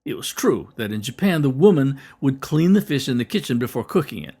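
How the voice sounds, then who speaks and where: Guy reading his own book as an audiobook, calm reflective first-person telling, mid pitch. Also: a little fast, slightly rough. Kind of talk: audiobook narration.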